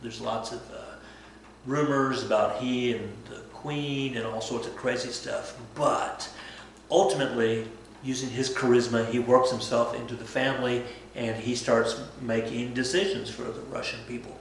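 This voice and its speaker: A male history teacher telling a story to his students in a chatty, animated way, acting out bits of dialogue. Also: mid-range voice, moderate pace, heavy reverb, a little hiss or hum, poor audio. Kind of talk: casual storytelling lesson.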